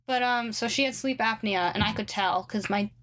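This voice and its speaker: A young woman with a slightly high voice tells a story in a loose, chatty way. She fills her sentences with likes and ums and drops in dry, sarcastic asides. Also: moderate pace, fairly bright tone. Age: young adult. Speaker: guest telling a story. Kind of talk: casual storytelling chat.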